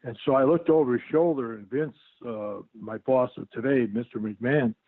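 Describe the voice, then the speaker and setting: A man's voice: mid-range voice, moderate pace. An older man, a guest on an interview, tells a long rambling story full of fillers and restarts. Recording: tinny dry phone line.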